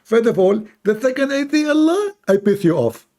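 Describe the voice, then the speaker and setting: A man's voice: sing-song, moderate pace, dark tone, full character voice. A man putting on the voice of a smug, insistent male debate caller in an exaggerated, mocking way. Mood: smug mockery. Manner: mocking, exaggerated, high-pitched.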